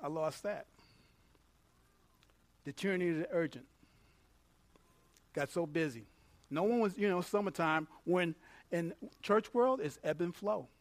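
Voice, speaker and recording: Male pastor, sermon, high voice, dry close sound, animated, acts out quotes. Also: unhurried, long pauses, dry recording. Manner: animated, acts out quoted dialogue, laughs often.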